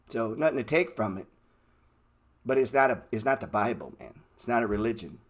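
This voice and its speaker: A man's voice: mid-range voice, lively intonation, fairly quick. A man hosting a trading channel, giving a blunt, profane motivational rant and mocking the people he talks about. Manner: profane, brash and mocking, mimics excuse-makers. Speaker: stock trading channel host.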